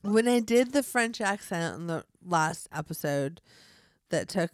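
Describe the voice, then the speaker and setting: A woman's voice: lowish voice, animated, a little slow, no echo. A young woman from California co-hosting a podcast in casual chat. She laughs often and pokes fun at herself. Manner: laughs often, self-mocking, jokey. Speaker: podcast co-host.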